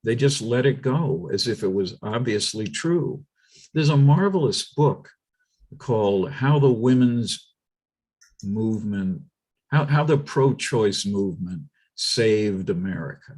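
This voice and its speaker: A man speaking as a guest on a political talk show, emphatic and animated, often restarting his sentences. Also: lowish voice, slow pace, husky.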